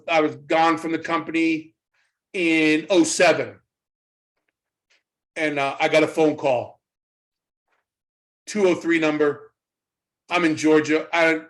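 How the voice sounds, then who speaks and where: A middle-aged man, a guest in an interview, telling a story in a casual, animated way, often repeating his words as he goes. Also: a little high. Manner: animated retelling, acts out quoted voices, repeats words. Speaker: interview guest, former wrestling trainer.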